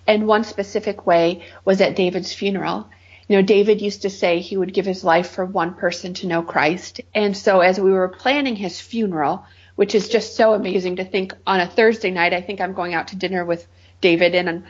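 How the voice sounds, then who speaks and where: Interview guest: middle-aged woman, husky, earnest testimony, muffled recording. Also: lowish voice. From Michigan. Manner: earnest, heartfelt storytelling.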